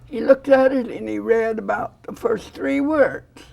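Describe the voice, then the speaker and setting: An older woman with a deeply gravelly, husky voice tells a story in a studio interview. She performs every quoted line as she goes. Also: a little slow, highs cut off. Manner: animated storyteller who acts out quoted dialogue. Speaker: foster grandparent volunteer.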